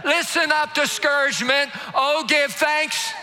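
A man's voice: extremely high pitch, steady tone, unhurried, a crowd in the background, noisy background. A man preaching as pastor, rousing his congregation and leading them in call-and-response. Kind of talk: sermon. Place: large church hall.

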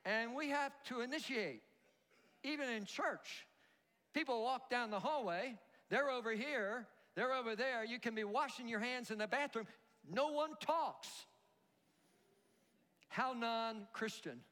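A man preaching a sermon as pastor, animated, leading the congregation in call-and-response. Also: extremely high pitch, a little slow. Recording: long hall reverb.

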